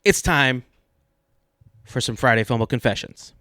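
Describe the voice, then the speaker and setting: A man co-hosting a comedic sports podcast, joking in a deadpan, mock-serious way. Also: mid-range voice, measured pace, no echo, studio quality. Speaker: podcast co-host.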